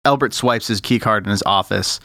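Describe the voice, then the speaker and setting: Calm male game master. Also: fairly low pitch, fairly quick, gravelly, no room sound, clean studio sound. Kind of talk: narrating a tabletop game.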